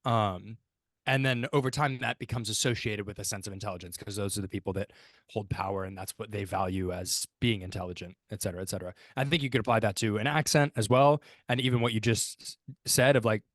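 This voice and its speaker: A man's voice: lowish voice, fairly even intonation, fast talker, no echo. A man co-hosting a casual podcast, thinking aloud in a rambling way and restarting his sentences. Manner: thoughtful, rambling with restarts and fillers. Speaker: podcast co-host.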